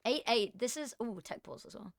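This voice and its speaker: A woman co-casting an esports match, talking in a chatty, self-deprecating way. Her voice sits a little high, and the headset sound is close and dry with no room echo. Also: lively intonation, normal speed, creaky. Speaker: esports caster. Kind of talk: casual co-caster chat.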